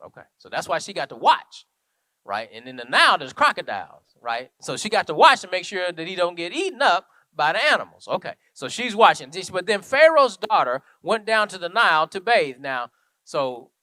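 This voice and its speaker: Man, preacher, high voice, dry sound. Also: pushed and bright, no room sound. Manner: conversational, checks in with listeners. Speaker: minister. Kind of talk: sermon. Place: church.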